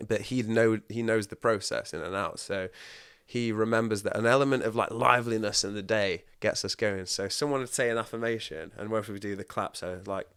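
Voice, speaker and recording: Animated young man telling stories. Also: fairly low pitch, a little fast, few pauses, clean tone, dry recording, clean studio sound. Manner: animated storyteller who acts out others' voices. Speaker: podcast guest. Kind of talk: casual conversation.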